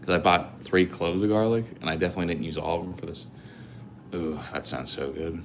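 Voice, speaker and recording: Gravelly low-voiced man thinking aloud. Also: steady tone, a little fast, slight background noise. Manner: rambling, thinks out loud, reads chat. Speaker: live-stream host painting cards. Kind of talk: casual live-stream chat.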